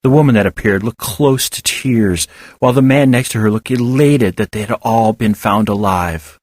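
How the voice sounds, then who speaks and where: A man narrating a serialized children's story as an audiobook with expressive storytelling. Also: fairly low pitch, normal speed, no echo, studio quality. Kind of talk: audiobook reading of serial fiction.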